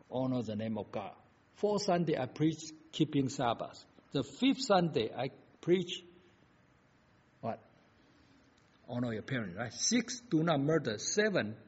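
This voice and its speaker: A man's voice: mid-range voice, slightly rough. A man preaching a sermon, emphatic and full of rhetorical questions, in slightly non-native phrasing. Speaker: pastor. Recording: dull lo-fi recording.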